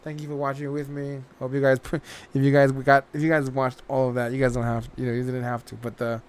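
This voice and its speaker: A man's voice: medium pitch, monotone, fairly quick, smooth. Rambling man reviewing a show. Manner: rambling, restarts sentences, casual swearing. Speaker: reaction channel host. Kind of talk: casual spoken review.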